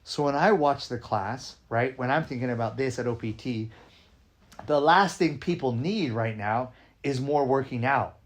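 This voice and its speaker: A man talking casually as a podcast host and dance coach, energetic and emphatic, often asking "right?" and swearing now and then. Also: mid-range voice, normal speed. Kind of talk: casual conversation.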